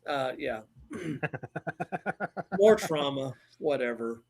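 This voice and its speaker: Male co-host, casual stream banter, profane, quick to laugh. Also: medium pitch, lively intonation, a little mellow. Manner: crude, joking, laughs often. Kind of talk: casual chat.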